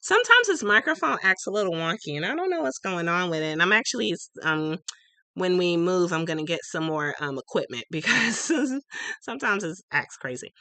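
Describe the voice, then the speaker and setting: Woman, livestream host, bright voice, chatty with fillers and frequent laughs, a bit distant from the mic. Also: fairly low pitch, big pitch swings, a little fast, dry recording. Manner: chatty, laughs often, many fillers and restarts. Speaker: livestream host and spiritual shop owner. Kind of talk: casual livestream Q&A. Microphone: computer microphone.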